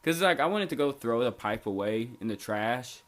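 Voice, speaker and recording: A man's voice: mid-range voice, animated, normal speed, a bit bright. A young man casually telling a story from his school days, rambling and slangy with lots of fillers and restarts. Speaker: storytelling vlogger.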